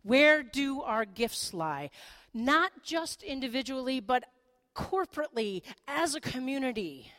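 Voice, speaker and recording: A middle-aged woman pastor giving a sermon in a conversational, animated way, with playful asides. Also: sits high, measured pace.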